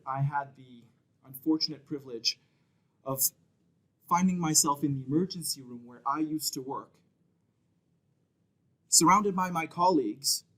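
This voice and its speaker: In a rough recording, a man's voice on the high side tells a vivid story from his own life to a live audience. He is Canadian, in his thirties, and acts out each person's voice, shouting when quoting the children.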